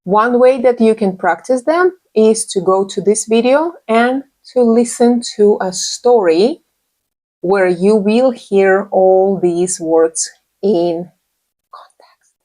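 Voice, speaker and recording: A woman teaching a beginner English lesson, speaking slowly and repeating each phrase carefully. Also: medium pitch, mellow.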